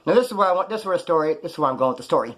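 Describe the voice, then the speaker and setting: A man's voice: a little high, animated, racing, a bit bright. A man casually telling rambling, profanity-laced stories with a wry edge. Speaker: vlogger recounting jail stories. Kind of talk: casual storytelling.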